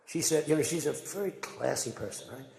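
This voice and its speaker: Older man, rambling speech, gravelly voice, big echoey hall. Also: on the high side, fairly quick. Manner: rambling, conversational, animated storytelling. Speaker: political speaker. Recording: echoey hall with long reverb.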